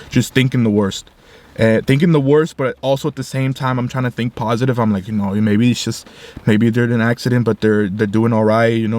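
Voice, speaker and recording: A young man quietly retelling a personal story to his viewers, halting and restarting as he goes. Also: medium pitch. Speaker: video creator.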